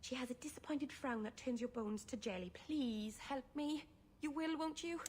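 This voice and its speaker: An actress with a Welsh accent voicing an earnest young female elf mage, soft and pleading. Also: high voice, moderate pace, breathy edge.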